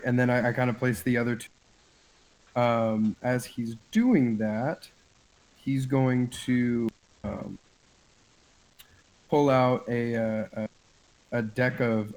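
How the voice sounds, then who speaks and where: Male player, mid pitch, halting delivery full of fillers. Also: fairly even intonation, a little mellow, poor audio. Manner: hesitant, full of fillers while describing actions. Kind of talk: casual tabletop play.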